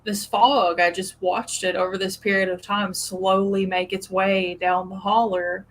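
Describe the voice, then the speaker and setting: This is a woman with a twang, chatting as the host of a loose, friendly conversation. She tells animated stories, padding them with "like" and "you know" and laughing along the way. Her voice sits at an ordinary middle pitch. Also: a little slow, low-quality recording. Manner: animated storyteller with frequent laughs and fillers. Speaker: podcast host. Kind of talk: casual chat.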